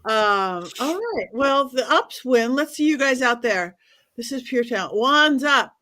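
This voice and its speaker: A woman's voice: fairly high pitch, lively intonation, a little slow, sharp tone. A woman hosting a casual panel chat, speaking upbeat to the panel and the viewers. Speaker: host.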